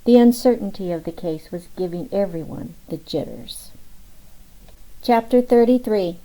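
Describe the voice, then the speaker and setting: A woman reading a novel aloud in steady, even audiobook narration. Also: medium pitch, rough recording. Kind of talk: scripted narration.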